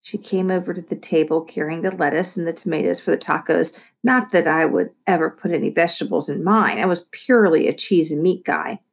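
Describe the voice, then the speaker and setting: A woman reads a children's novel aloud, narrating steadily and with expression. Her voice is low for a woman and has a husky grain. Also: fairly quick, few pauses. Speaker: reader.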